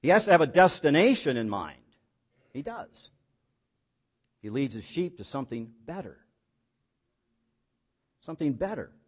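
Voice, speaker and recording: A man's voice: a little high, big pitch swings, measured pace, pauses often, breathy edge. A man preaching a sermon as pastor, building emphatic points with rhetorical questions and folksy, self-deprecating asides.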